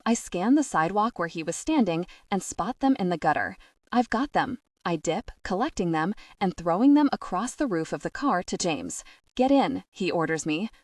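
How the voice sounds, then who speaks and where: A woman reading a first-person audiobook in a tense, urgent way that rises at the shouted lines. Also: lowish voice, expressive, moderate pace, few pauses, no echo. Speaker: audiobook narrator.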